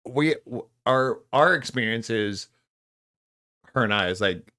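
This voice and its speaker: A middle-aged Californian co-hosts a casual live podcast in a medium-pitched, bright, forceful voice with lively intonation, speaking a little slowly. He rambles and debates, slipping into mock voices.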